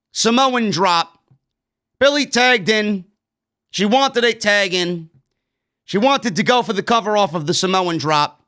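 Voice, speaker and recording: A man's voice: sits high, bright, forceful tone, clean tone. A man with a New York accent recapping a wrestling show in a blunt, sarcastic, swearing rant. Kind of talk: casual recap commentary.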